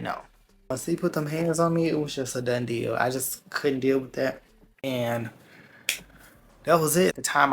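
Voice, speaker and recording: Gravelly-voiced man telling a story. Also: mid-range voice. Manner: candid, slangy, animated storytelling. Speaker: vlogger. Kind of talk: casual storytime vlog.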